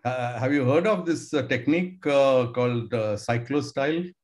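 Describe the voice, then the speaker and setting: A man's voice: medium pitch, moderate pace, a little mellow. Older man telling school stories. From India. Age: 60s. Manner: conversational, musing, with hedging fillers. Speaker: professor giving a talk. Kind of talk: storytelling lecture to students.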